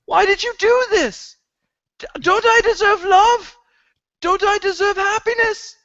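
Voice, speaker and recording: A man putting on a high, wailing voice as a heartbroken young man, outraged and upset. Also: a little slow, pushed and bright, dry recording, full character voice. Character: distraught young man, a fan's lover. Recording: dull lo-fi podcast audio.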